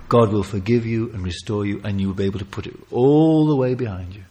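A man preaching a sermon, earnest and pleading, swinging from loud emphasis to hushed, near-whispered passages. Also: lowish voice, quick pace, few pauses.

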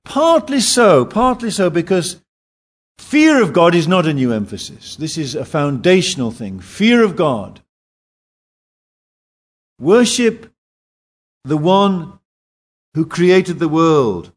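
This is a male preacher in a Singapore church, speaking at an unhurried, forceful pace while his voice rises and falls energetically.

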